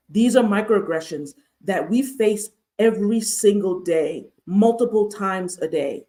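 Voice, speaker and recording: Woman, talk show host, emphatic, repeats herself for stress, rhetorical questions, mid pitch. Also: animated, a little slow, few pauses, warm tone. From United States. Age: adult with a master's degree. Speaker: host, therapist. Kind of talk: livestreamed mental health talk.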